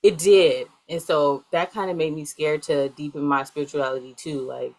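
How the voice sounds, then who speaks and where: Low-voiced woman, rambling guest talk. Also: fairly even intonation, moderate pace, darkish tone, low-quality recording. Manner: rambling, filler-heavy. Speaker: guest, healer. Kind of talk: casual interview talk.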